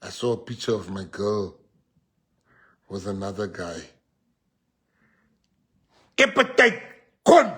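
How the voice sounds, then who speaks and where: A South African man, a party leader addressing his supporters in an impassioned speech that swings from loud exhortation to hushed personal storytelling. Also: low-pitched, normal speed, long pauses, breathy edge. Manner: animated, switches between shouting and hushed storytelling.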